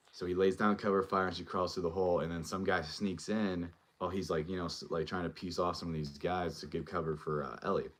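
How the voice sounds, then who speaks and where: A man's voice: low-pitched, steady tone, quick pace, few pauses. A male show host giving a casual, rambling recap and review of a TV episode, full of fillers as he retells scenes.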